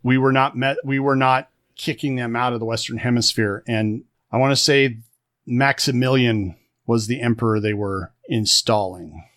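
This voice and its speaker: A podcast co-host chats casually in a relaxed conversation, his voice at a middling pitch and a normal speed. He rambles and keeps restarting sentences, filling the gaps with "uh" and "you know."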